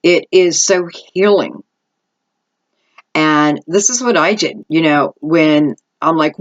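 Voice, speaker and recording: A woman's voice: sits low, takes it slowly, lo-fi sound. A middle-aged woman giving an intuitive tarot reading, rambling and thinking aloud as she goes. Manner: rambling, thinking aloud, lots of "I feel like" asides. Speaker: tarot reader.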